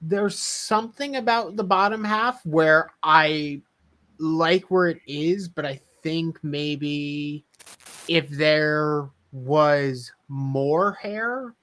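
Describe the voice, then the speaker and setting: A man's voice: fairly high pitch, drawn-out words, a bit bright. A man co-hosting a podcast in casual chat, hesitant and thoughtful, often hedging with fillers. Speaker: podcast co-host.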